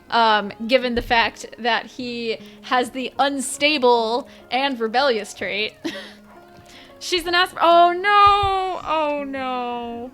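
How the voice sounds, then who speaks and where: Young woman streamer giggling thru live game commentary, high voice, soft music behind. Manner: chatty, giggly, talks to chat.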